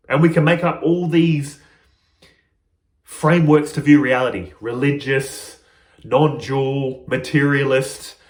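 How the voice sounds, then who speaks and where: A man's voice: a little high, roomy sound. A man speaking as a spiritual teacher in a reflective monologue, playful and often laughing at himself.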